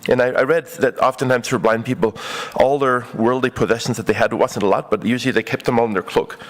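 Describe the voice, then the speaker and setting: A man gives a relaxed, conversational sermon, with plenty of fillers. He acts out the voices of the people he quotes. His voice sits in a middle pitch. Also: quick pace. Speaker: preacher.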